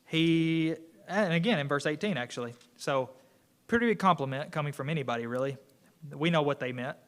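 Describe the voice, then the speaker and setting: A man's voice: fairly high pitch, a little fast. A man teaching an informal church Bible class, talking conversationally with fillers and asides.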